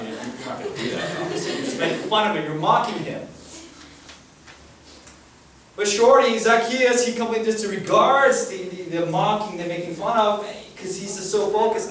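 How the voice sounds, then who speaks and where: A man preaching a chatty, animated sermon, telling the story with acted voices, recorded in a church hall. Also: high-pitched, moderate pace. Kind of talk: casual sermon. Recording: echoey hall from far off.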